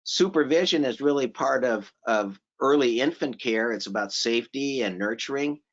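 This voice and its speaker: A man presents a seminar in a relaxed, conversational manner and often checks in with his listeners. His voice sits at an ordinary middle pitch. The remote conference audio sounds slightly dull. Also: moderate pace. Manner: informal, repeats phrases for emphasis, asks the audience questions. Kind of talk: conversational lecture.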